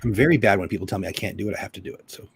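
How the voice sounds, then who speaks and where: A middle-aged man hosting a casual livestream chat, joking and rambling with quick asides. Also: low-pitched, vocal fry, slightly rough. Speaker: livestream host.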